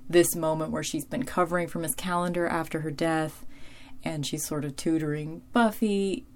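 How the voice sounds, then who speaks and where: A woman casually recapping a TV episode, chatty and giggly, with lots of fillers, quoting characters in brighter voices. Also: sits low.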